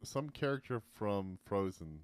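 Low-voiced, teasing male co-host. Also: expressive, clean tone, dry recording. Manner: playful, teasing, quick jokey remarks. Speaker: podcast co-host. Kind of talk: casual chat.

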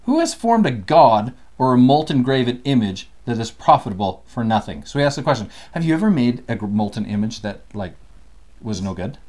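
Brief: man co-host, lively swooping delivery, playful scripture teacher. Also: medium pitch, fairly quick. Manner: animated, playful, laughs often. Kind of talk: casual scripture study chat.

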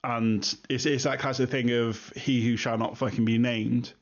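A man's voice: medium pitch, flat delivery, normal speed. A man co-hosting a football podcast in casual chat, hesitant and questioning, with frequent ums. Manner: hesitant, lots of ums and restarts, asks questions. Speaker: podcast co-host, football fan. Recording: muffled lo-fi sound.

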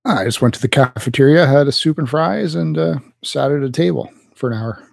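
Male co-host, average pitch, offhand deadpan delivery, dry mic. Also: fairly quick, creaky, dry recording. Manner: laid-back, deadpan, offhand. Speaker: podcast co-host. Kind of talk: casual podcast chat.

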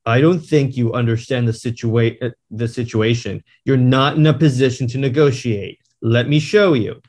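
A man's voice: mid-range voice, fairly even intonation, moderate pace, a little mellow, natural voice. A man voicing a grim middle-aged male vigilante who speaks in a terse, brooding monologue.

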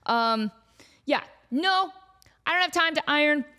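A young woman with a fairly high voice hosts a comedic podcast monologue. She goes off on one tangent after another and breaks into laughter often, with a loose, joking delivery. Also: animated, measured pace, sharp tone. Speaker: podcast host.

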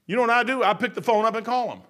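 Older man, preacher, high-pitched, loud bursts between mumbles. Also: rapid-fire. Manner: storytelling, emphatic, swings from mutter to loud. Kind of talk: folksy sermon.

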